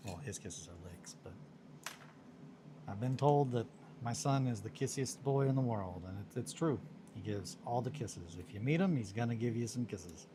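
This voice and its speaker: A man's voice: medium pitch, lively intonation, normal speed, background noise. A man chatting casually on a hobby stream in a rambling, self-amused way while he works on miniatures.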